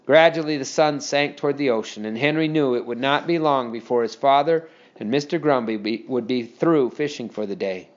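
A man reading a children's story aloud with steady, expressive storytelling. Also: medium pitch, moderate pace, hardly any pauses. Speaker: narrator. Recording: dull lo-fi recording.

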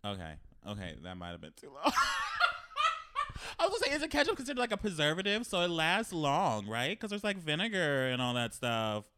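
Young male co-host, teasing and sarcastic, very animated delivery. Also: a little high, moderate pace, noisy background. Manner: playful, sarcastic, laughs often. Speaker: podcast co-host. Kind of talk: casual chat.

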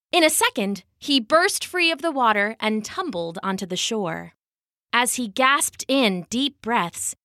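A woman narrating a children's story as a podcast host, with expressive, animated delivery. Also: on the high side, no room sound, clean studio sound.

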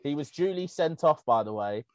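A man's voice: on the high side, moderate pace, dry recording. A man, co-hosting a casual football podcast and telling stories with bursts of laughter. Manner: animated, laughing storyteller. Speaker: podcast co-host.

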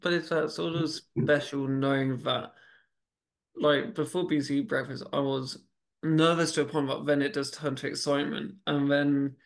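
A man's voice: fairly high pitch, flat delivery, normal speed, vocal fry. A man telling stories as a podcast guest, chatty, with frequent restarts and repeated words. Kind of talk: casual storytelling conversation.

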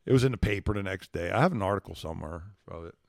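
A man, a podcast guest, telling a wild personal story in an animated, profane way. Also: deep voice, racing, gravelly, dry recording, studio quality. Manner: profane, excitable, acts out dialogue. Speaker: guest, former combat controller.

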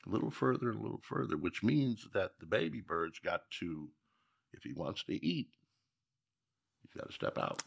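Deep gravelly husky man. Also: big pitch swings, moderate pace. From Minnesota. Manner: reflective, folksy with emphatic repeats. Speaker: guest. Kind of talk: casual storytelling interview.

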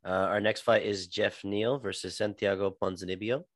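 A man's voice: lowish voice, fairly even intonation, moderate pace, no echo, clean studio sound. A young man co-hosting a podcast, laid-back, announcing the next matchups and agreeing along. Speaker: podcast co-host. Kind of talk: casual fight-talk podcast chat.

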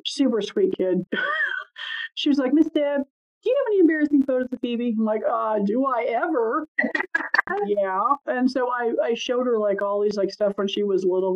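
A woman's voice: medium pitch, a little mellow. A woman podcast co-host in casual chat, telling family stories and swearing freely. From Ohio. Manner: chatty storyteller, swears freely. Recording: muffled lo-fi audio.

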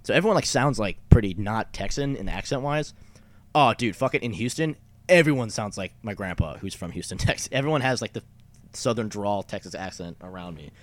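A man's voice: lowish voice, lively intonation, brisk. A young man from Canada chatting casually, rambling and swearing a lot with frequent laughs. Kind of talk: casual chat.

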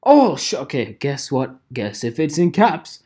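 Casual vlogger ranting, swears freely, drawn-out delivery with big pitch swings. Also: husky. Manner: animated, profane, repeats phrases, laughs often. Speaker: photographer vlogger.

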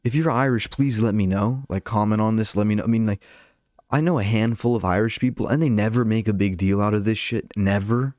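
A fired-up young man rants casually to his viewers, stumbling through filler words and swearing freely. His voice sits slightly low, and the recording is dry and close with no room sound. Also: brisk, darkish tone, dry recording. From Albanian heritage. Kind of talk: casual rant to camera.

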